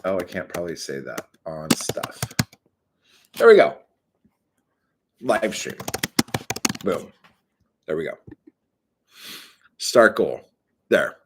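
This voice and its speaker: A man's voice: low voice, expressive, takes it slowly, long pauses, noisy background. A man on a casual live stream, rambling with many fillers and self-corrections, swearing a lot as he vents his frustration.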